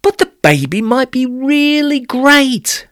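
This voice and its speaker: A man's voice: extremely high pitch, very animated, takes it slowly, fairly bright tone, no echo, clean studio sound, voice pushed up, heavily acted. A man doing a hopeful little girl. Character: cheerful optimistic young girl.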